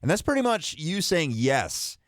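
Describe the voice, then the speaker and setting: A man's voice: on the high side, very animated, moderate pace, no echo, clean studio sound. A male radio host doing an interview, upbeat, asking leading questions and plugging an upcoming show. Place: radio studio.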